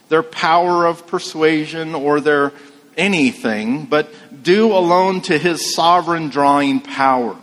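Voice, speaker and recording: A man delivers a sermon at an unhurried, deliberate pace, talking to the congregation in a relaxed, conversational way. His voice sits a little high, and it rings out with the long reverb of a large hall. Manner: slow, conversational preaching with anecdotes. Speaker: pastor.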